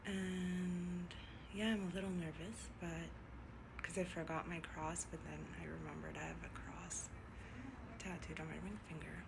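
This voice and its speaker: A woman in her thirties vlogging from a doctor's procedure room, talking softly and often in a whisper, halting with fillers, in pain and a little out of breath. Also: lowish voice, level tone, gravelly, background noise. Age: 30s. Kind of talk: personal vlog.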